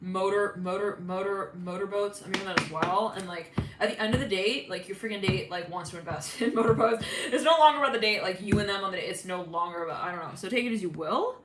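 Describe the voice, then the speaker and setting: A woman's voice: fairly low pitch, quick pace, hardly any pauses, reverberant, heavy background noise. Rambling, giggly woman reading tarot. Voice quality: giggly, rambling with many fillers. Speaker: tarot reader. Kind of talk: casual intuitive reading.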